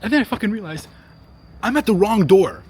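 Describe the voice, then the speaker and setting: A man's voice: high-pitched, animated, brisk, a little mellow, a little hiss or hum. Profane young man vlogging on city streets. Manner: profane, rambling storyteller. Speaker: travel vlogger. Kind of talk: casual travel vlog.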